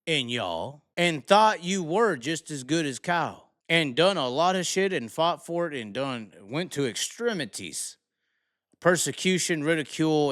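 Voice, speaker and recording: A man's voice: a little high, a bit bright, no room sound, clean studio sound. A man with a Southern US accent, ranting bluntly about racing, heated and swearing freely. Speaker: racing commentator. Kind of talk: profane opinion rant.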